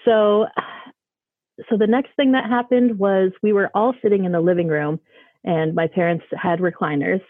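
A woman's voice: on the low side, no room sound. A woman telling a personal story casually, rambling loosely with many fillers like "like" and "um". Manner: chatty, loose, lots of "like" and "um". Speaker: guest telling ghost stories. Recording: dry, tinny phone-like line.

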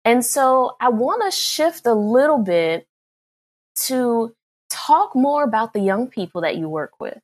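A woman's voice: on the high side, sing-song, a little slow. A woman co-hosting a podcast, effusive and admiring as she responds to her guest. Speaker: podcast co-host. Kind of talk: casual podcast chat.

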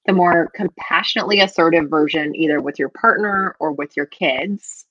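A woman in her thirties co-hosting a casual chat, animated and laughing often, with frequent filler words. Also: deep voice, normal speed, slightly rough, no echo, highs cut off. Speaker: podcast co-host.

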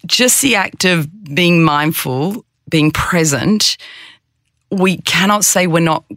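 A mindfulness coach in casual conversation who explains calmly and sometimes acts out anxious self-talk in quick, higher bursts. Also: no room sound, studio quality.

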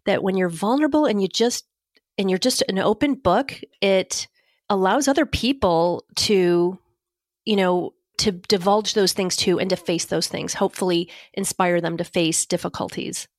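A woman's voice: medium pitch, moderate pace, dry recording, clean studio sound. Nasal, congested woman talking openly. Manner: open, earnest, candid. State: recovering from a cold, head plugged up. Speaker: podcast guest. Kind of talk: casual conversation.

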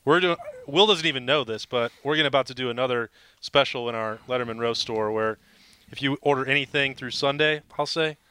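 A man's voice: medium pitch, brisk, pushed and bright, clear, resonant tone, no room sound. A man, the regular co-host of a sports podcast, chatting in an upbeat and talkative way. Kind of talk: casual sports podcast chat.

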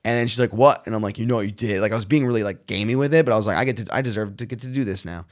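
Dude comedian on a podcast, kinda low voice, tells stories and does all the voices. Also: male voice, racing. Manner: animated storyteller, acts out quoted lines. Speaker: comedian guest. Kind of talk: casual podcast chat.

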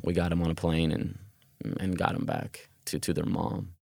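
A man's voice: sits low, moderate pace, creaky, mellow, dry recording, studio quality. A man telling a tense first-person true story, often stumbling and repeating words.

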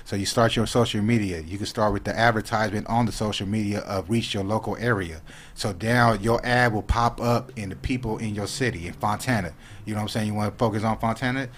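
A man speaking, talking in a loose, casual podcast chat that turns animated when he gets excited. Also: lowish voice, fast talker, slight background noise. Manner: laid-back street slang, animated when excited. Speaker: social media creator, podcast guest.

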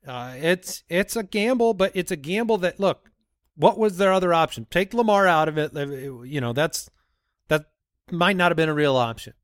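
A man hosting a fantasy football podcast, chatting casually and leading a quick quiz. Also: a little high, lively intonation, dry recording, clean studio sound. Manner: leads the segment, reads names in a quick quiz. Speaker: podcast host. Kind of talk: casual sports podcast chat.

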